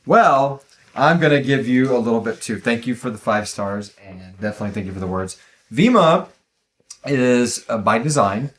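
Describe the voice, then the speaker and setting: Laid-back man hosting a podcast. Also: mid-range voice. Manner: laid-back, rambling, stumbles and laughs while reading. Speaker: podcast writer and host reading listener reviews. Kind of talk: casual podcast chat.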